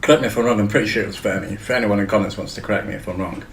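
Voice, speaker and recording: A man's voice: fairly low pitch, fairly even intonation, racing, vocal fry, reverberant, slight background noise, poor audio. A man hosting a casual tech chat show, rambling and joking with frequent swearing. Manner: rambling, swears freely, jokey. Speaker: show host.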